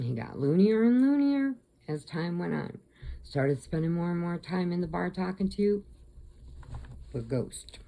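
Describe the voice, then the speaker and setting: Low gravelly-voiced woman vlogger. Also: mellow. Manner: rambling, chatty retelling with restarts. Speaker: crochet vlogger. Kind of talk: casual storytelling to camera.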